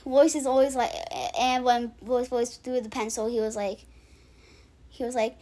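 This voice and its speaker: A woman's voice: a little high, little pitch movement, moderate pace, dark tone. A woman hosting her own channel, casually ranking cartoon episodes in a rambling way with many restarts and filler words. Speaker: channel host.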